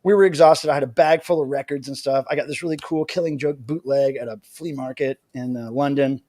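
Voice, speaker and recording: An American man hosting a livestream from home, telling a story in an animated, chatty way. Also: mid-range voice, brisk, no room sound, studio quality. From United States. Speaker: livestream host.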